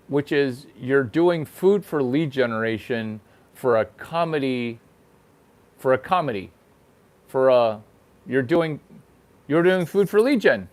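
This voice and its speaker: A man hosting his own show, delivering a crude, rambling comedic monologue that repeats itself. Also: mid-range voice. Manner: crude, provocative, repeats himself. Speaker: host. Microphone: single microphone, no sound effects.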